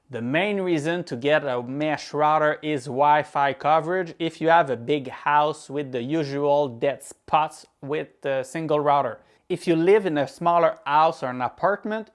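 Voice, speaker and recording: A French-speaking man from Quebec, Canada reviews a tech product in English from a script, his Quebec French accent clear as he explains things in a measured way. His voice sits a little high.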